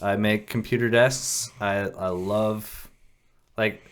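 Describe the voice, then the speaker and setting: Speaking slowly in a smooth, fairly low voice with a steady tone, this podcast co-host keeps the chat casual. His talk wanders, he starts sentences over, and he drops the odd swear word.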